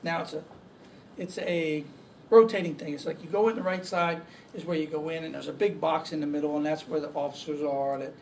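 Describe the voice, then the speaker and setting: A man telling a story to a group, halting often on fillers. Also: fairly high pitch, fairly even intonation, darkish tone. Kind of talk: casual storytelling. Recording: distant mic, faint background noise.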